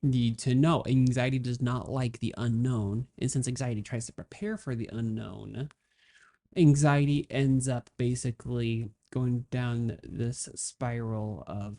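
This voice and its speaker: A woman co-hosting a podcast, chatting casually about a film, fast and animated with many fillers. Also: rumbling low. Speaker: podcast co-host. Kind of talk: casual movie discussion.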